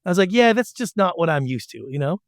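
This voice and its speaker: A middle-aged man with a fairly high voice tells his story in an animated way. He jumps into little voices to act out emails and phone calls. The sound is close and dry. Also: fast, dry recording. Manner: animated storyteller who acts out quotes. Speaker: guest, former TV producer. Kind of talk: storytelling interview.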